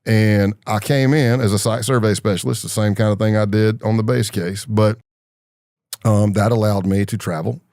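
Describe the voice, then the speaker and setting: Low gravelly man telling stories. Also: moderate pace, dry recording, clean studio sound. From American South. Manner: animated storyteller, acts out quoted voices. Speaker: podcast guest, former undercover agent. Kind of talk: storytelling interview.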